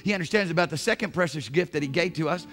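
A male pastor preaching a sermon in church, swinging from hushed, intimate phrases to shouted emphasis. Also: fairly high pitch, racing. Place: church sanctuary.

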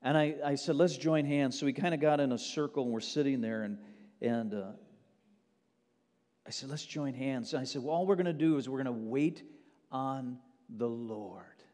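A man's voice: medium pitch, brisk. Man preaching in an echoing church. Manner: storytelling, drops to a hush then builds to loud preaching. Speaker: pastor. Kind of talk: sermon. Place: church sanctuary. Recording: long hall reverb.

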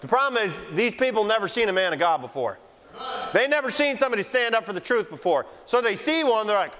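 A man preaching a fiery sermon in church, mocking opponents and shouting for emphasis. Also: high-pitched, big pitch swings, quick pace. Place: church sanctuary. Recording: long church hall reverb.

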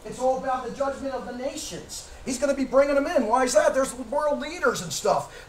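A man preaching a sermon as pastor, emphatic, firing rhetorical questions at the congregation and shouting at times. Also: very high voice, expressive, fairly quick, few pauses, a little hiss or hum. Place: church sanctuary. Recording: echoey church from a distance.

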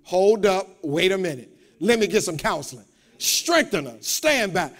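A man preaches a sermon, speaking straight to his congregation and asking them to answer back. His voice sits high and swings widely in pitch. He repeats words and climbs from quiet asides to shouted peaks. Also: big pitch swings, moderate pace. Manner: call-and-response preaching, rising to shouts. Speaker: pastor. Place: church.

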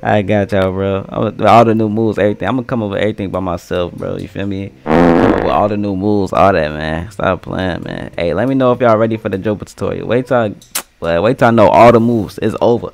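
A young man giving casual, slangy gameplay commentary, trash-talking and swinging from mumbles to yells. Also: on the low side, a little fast, gravelly. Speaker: gaming streamer.

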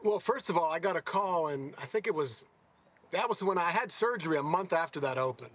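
Guy in his 60s, husky voice, kinda high, rambles and restarts a lot while telling stories. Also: brisk. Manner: rambling, self-correcting, animated. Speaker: golfer. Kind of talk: casual storytelling interview.

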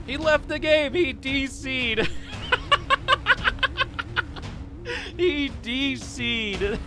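A man giving excitable gameplay commentary, yelping, taunting and repeating phrases as he plays. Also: very high-pitched, slow pace. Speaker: gaming YouTuber. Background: game music.

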